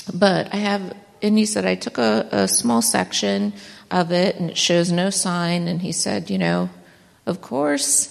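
A middle-aged woman giving an emotional personal testimony, her voice rising high and breaking when she is moved. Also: creaky. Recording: long reverb, as in a hall.

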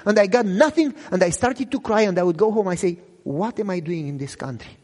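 This sermon comes from a man with children whose native tongue isn't English, speaking it earnestly as he gives his testimony and frequently asks whether people follow. The voice is high-pitched, expressive, brisk and a little mellow, carried in a big-room space.

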